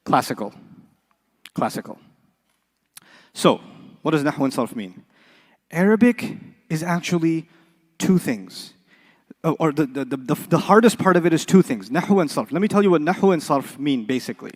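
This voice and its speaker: A man's voice: a little high, lively intonation, normal speed, long pauses, big-room sound. A man teaching an Arabic class, quizzing the students with call-and-response questions and playful examples. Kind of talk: classroom lecture.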